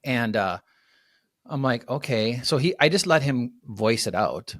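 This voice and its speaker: A man's voice: medium pitch, animated, unhurried, fairly bright tone, dry recording, clean studio sound. A man co-hosting a podcast, telling stories in a rambling casual way with lots of ums and restarts. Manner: rambling storyteller, many fillers and restarts. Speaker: podcast co-host.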